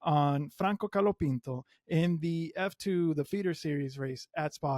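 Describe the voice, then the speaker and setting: A man hosting a solo motorsport podcast, a native Spanish speaker talking in English, animated and emphatic with strong opinions. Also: fairly high pitch, moderate pace, few pauses, no room sound, studio quality. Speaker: podcast host.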